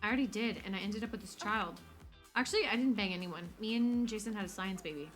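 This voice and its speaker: A woman's voice: medium pitch, quick pace, a bit bright. A woman casually commenting on a life-simulation game she is streaming, swearing freely and talking to her characters, with game music behind her.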